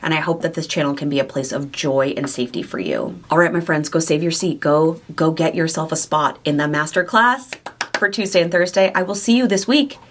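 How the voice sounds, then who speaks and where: A woman hosting a question-and-answer vlog to camera, speaking candidly and warmly about her own weight loss journey and her affection for her viewers. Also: sits low, fairly quick, a little hiss or hum. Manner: candid, heartfelt, confiding. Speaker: weight loss surgery coach and channel host.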